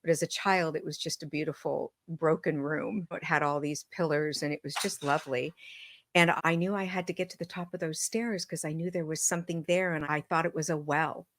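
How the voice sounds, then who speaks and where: A woman with a deep, low voice tells a personal story at an unhurried pace. She speaks earnestly and sometimes drops almost to a hush. The sound is close and dry, with no room echo. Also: fairly even intonation. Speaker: podcast guest, medium and author. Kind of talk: storytelling in an interview.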